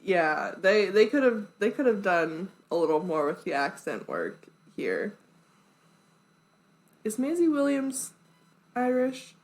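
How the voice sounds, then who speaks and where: A woman's voice: medium pitch, sing-song, takes it slowly, long pauses, low-quality recording. A woman co-hosting a podcast in casual chat, talking loosely with lots of "like" and dry quips. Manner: chatty, peppered with "like", dry quips. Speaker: podcast co-host.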